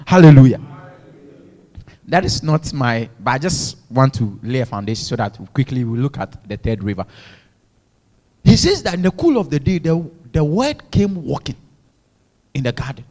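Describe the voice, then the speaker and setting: A man preaches an ardent sermon, calling for the congregation to answer him back. His mid-range voice has a darkish, sing-song quality at normal speed, broken by long pauses, and the space sounds large.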